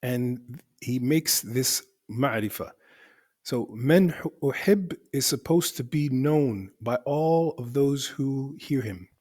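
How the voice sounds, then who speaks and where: A man's voice: mid-range voice, expressive, slow, darkish tone. A male teacher explaining the grammar of an Arabic poem line by line, in a methodical way that repeats and rephrases for emphasis.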